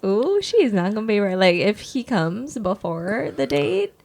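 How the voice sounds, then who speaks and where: A woman's voice: mid-range voice, big pitch swings, measured pace, a little mellow. A woman co-hosting a podcast in casual chat, who laughs often and answers with short replies. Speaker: podcast co-host.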